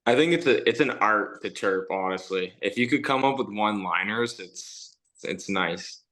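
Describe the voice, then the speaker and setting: A man hosting a podcast, talking in a relaxed, conversational way. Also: on the low side, moderate pace. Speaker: podcast host, university hockey player. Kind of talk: casual chat.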